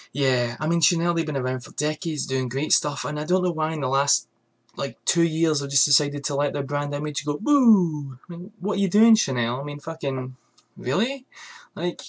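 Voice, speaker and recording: A man ranting angrily on his vlog about a perfume brand, swearing often and firing off rhetorical questions. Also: a little high. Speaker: fragrance reviewer.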